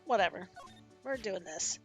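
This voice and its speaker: A woman's voice: medium pitch, lively intonation, a little slow, soft background music. A woman streaming a story game, giggling and joking as she reads and comments. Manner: giggly, playful, self-mocking. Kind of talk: let's-play commentary and reading aloud.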